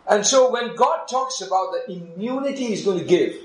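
A male pastor preaching with a fairly high voice that soars and drops to a hush. His English carries non-native grammar and he acts out conversations as he goes. The recording has a roomy, echoing hall sound. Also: moderate pace. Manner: animated preaching, swings from loud climbs to near-whispers, acts out dialogue. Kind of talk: sermon.

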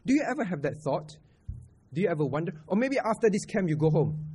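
A man's voice: sits high, sing-song, fast talker, a little mellow, breathy edge. A man with a Singaporean English accent preaching a sermon at a church camp. He talks to the audience conversationally, asks questions and repeats his points. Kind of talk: sermon teaching on scripture.

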